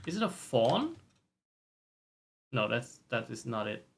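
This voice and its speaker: A man's voice: medium pitch, wildly swooping pitch, slow, vocal fry, slight background noise. A man streaming live and reacting to a game trailer, ranting with opinions, swearing and mocking voices.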